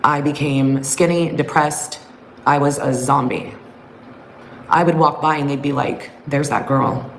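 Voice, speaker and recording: Middle aged woman telling a sad personal story, deep gravelly voice, bit of hiss behind. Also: fairly even intonation, a little slow, rough recording. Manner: emotional, raw confessional retelling. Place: her bedroom at home.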